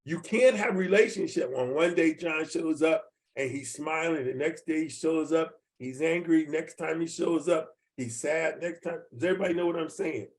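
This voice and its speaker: His voice leans high, moving at a moderate pace with hardly any pauses. He's in his seventies, heading a team training on a video call, folksy and repetitive, and he often checks whether listeners follow.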